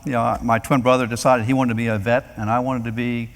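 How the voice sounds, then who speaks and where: A man's voice: mid-range voice, little pitch movement, fast talker. A middle-aged man from North Carolina, a medical device executive, answering interview questions conversationally before a live audience, with frequent fillers. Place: lecture hall with audience. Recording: long hall reverb.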